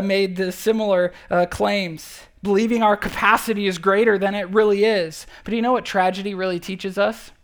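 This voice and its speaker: A woman pastor preaching a sermon in a conversational way, repeating key phrases and checking in with her listeners. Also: on the low side. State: emotional when recalling loss.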